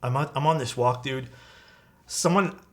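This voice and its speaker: A man's voice: medium pitch, moderate pace. A young man streaming from home, telling stories in a casual, laid-back way and swearing often.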